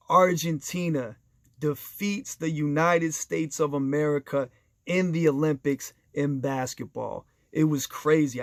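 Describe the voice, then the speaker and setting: A man's voice: on the high side, dry recording, clean studio sound. A man telling casual stories in an enthusiastic, conversational way, speaking straight to his listeners and briefly acting out quoted voices. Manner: briefly acts out other people's voices in quoted dialogue. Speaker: storyteller sharing basketball anecdotes. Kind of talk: casual storytelling monologue.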